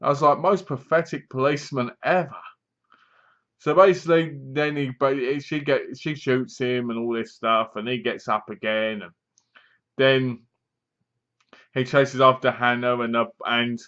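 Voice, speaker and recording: Man, sarcastic film reviewer, rambling, mid-pitched, muffled lo-fi sound. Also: little pitch movement, a little slow, a bit bright, clean tone. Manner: sarcastic, mocking, meandering.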